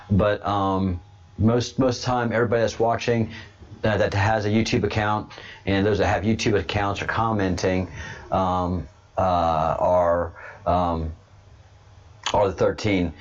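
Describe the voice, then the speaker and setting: A man hosts a casual livestream and talks to his chat, slightly low in pitch. He rambles and halts, full of fillers and restarts. The audio is dull and lo-fi. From born in Texas, raised abroad and in Louisiana. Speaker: livestream host.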